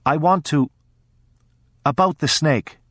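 A troubled young boy, anxious and close to tears, his voice lifted high and pleading in halting bursts, as a male narrator puts him on. Dry, close recording with no room sound. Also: a bit bright, no echo. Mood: earnest, troubled.

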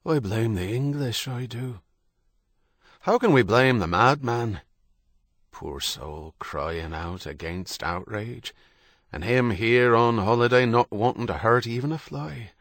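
A man voicing an aging village priest in an audiobook, speaking in a hushed, sighing way that flares into bitterness. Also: medium pitch, expressive, slow, dry recording, studio quality, exaggerated voice. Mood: bitter. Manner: mournful, hushed and sighing, flaring into bitter outbursts. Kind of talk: audiobook character reading.

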